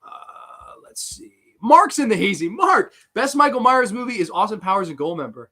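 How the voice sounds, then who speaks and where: A man hosting a horror film livestream, ranting casually and loudly with lots of swearing while answering chat. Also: high-pitched, normal speed, vocal fry. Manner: loud, animated, profane ranting.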